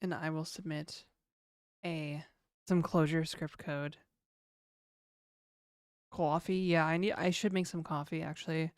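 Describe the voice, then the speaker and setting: A woman's voice: deep voice, fairly even intonation, a little slow, pauses often, no echo, clean studio sound. A young adult woman with a Canadian accent chatting casually on a livestream, reading viewer questions aloud and answering them in a laid-back way.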